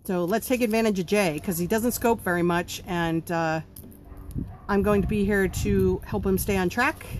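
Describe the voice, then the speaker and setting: A woman's voice: medium pitch, steady tone, normal speed, slight background noise. A woman hosting a live stream about running a home baking business, answering viewer comments in a blunt, chatty way with lots of ums. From not from Pennsylvania.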